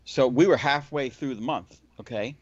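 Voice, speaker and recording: A man's voice: medium pitch, normal speed, breathy edge, no echo. A man telling a work story in a casual chat, voicing both sides of the dialogue as he goes. The recording is dry and dull, a little lo-fi. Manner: animated storyteller acting out dialogue. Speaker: window cleaner, podcast host. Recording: dull lo-fi audio.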